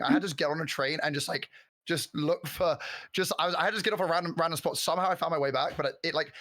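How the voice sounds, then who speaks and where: A man with a somewhat high voice chats casually. He tells stories in an animated way and laughs often. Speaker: stream guest. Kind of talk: casual chat.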